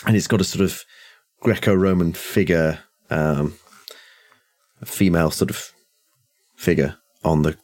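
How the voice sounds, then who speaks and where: A man narrating a tabletop horror game as game master, describing scenes in a relaxed way. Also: deep voice, a little slow, pauses often.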